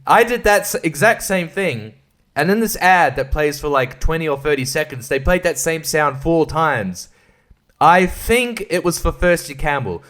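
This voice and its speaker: A man's voice: fairly high pitch, animated, unhurried, a bit bright. A man hosting a casual solo podcast, rambling and crude, swearing and laughing often. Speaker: podcast host.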